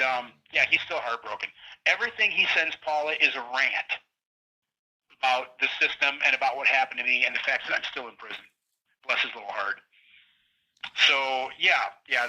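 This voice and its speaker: A middle-aged man calling in as a guest, telling a long story in a rambling, animated way and acting out what others said. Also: medium pitch, brisk. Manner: rambling, animated retelling with quoted voices. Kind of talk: casual storytelling interview. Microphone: phone line. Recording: tinny prison phone line.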